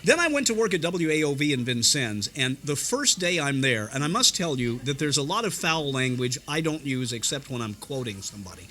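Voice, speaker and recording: A man's voice: medium pitch, very animated, fairly quick, few pauses, sharp tone. An older man from Indiana, a veteran radio broadcaster, telling anecdotes in a restaurant and mimicking voices and sound effects. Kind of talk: anecdotal storytelling.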